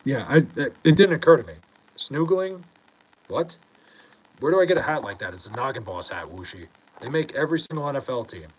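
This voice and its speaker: A young man from Long Island, high and laid-back, reading comments aloud in a casual livestream and swearing freely. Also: animated, brisk, husky, poor audio. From Long Island, New York.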